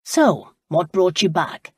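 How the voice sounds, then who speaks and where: Woman doing a cool, clipped aristocrat holding his temper; dry, husky delivery. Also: fairly low pitch, very animated, slow pace, a little mellow, no room sound, heavily acted. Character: proud, controlled English duke and diplomat. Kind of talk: audiobook character voice.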